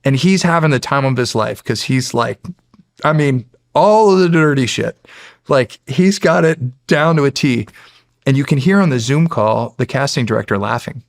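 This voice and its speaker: Gravelly man in his forties, from the US, animated podcast guest telling a story, mid-range voice, dry close mic. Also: medium pitch, moderate pace, no room sound. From United States. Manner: animated storyteller who acts out quotes and swears freely. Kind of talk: casual storytelling.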